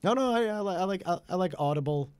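A man spinning comic anecdotes in a loose, joking chat, his pitch swooping up and down as he builds to the punchline. His delivery leans on straight-faced fibs and bursts of laughter. The sound is close and dry, with no room around it. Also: quick pace, clear, resonant tone, no echo. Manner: animated storyteller, deadpan liar, laughs at own jokes. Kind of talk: casual comedic chat. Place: studio.

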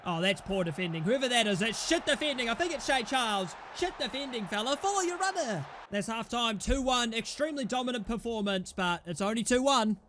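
A young man commentating on a football management game, swearing a lot, yelling at his players and panicking. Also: very high voice, animated, normal speed, slight background noise. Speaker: gaming channel host.

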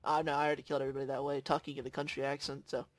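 A man hosting casual gameplay commentary, excitable, often screaming and swearing. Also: mid-range voice, racing. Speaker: gaming channel host.

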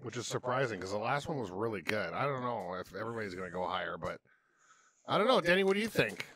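A man co-hosting a casual cocktail podcast, joking loudly and swearing often. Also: lowish voice, big pitch swings, fast talker. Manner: loud, profane, joking. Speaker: podcast co-host. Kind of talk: casual chat.

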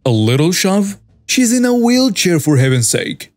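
A man reading the lines of a police commander and father, speaking calmly and firmly. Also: sits high, normal speed, faint music behind, voice pushed up. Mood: stern. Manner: calm, firm, unwavering.

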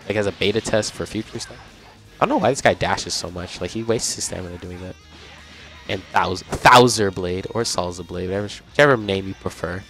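A young man giving casual, chatty commentary on a video game as he plays, reacting out loud and laughing often. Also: deep voice. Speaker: gaming channel host. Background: game music.

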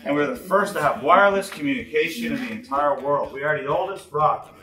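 A man's voice: on the high side, lively intonation, quick pace, bright, forceful tone, reverberant, distant mic, poor audio. A man from Newfoundland with its accent, hosting a comic ceremony at a bar and drilling the crowd in local phrases. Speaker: bar host leading a screech-in ceremony.

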